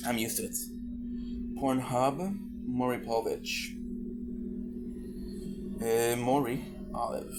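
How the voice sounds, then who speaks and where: Guy vlogging while he eats, rambly and jokey, lots of mm between bites, regular pitch. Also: flat delivery, slow, pauses often, over loud music. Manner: rambling, joking, lip-smacking while eating. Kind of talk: casual food vlog chat.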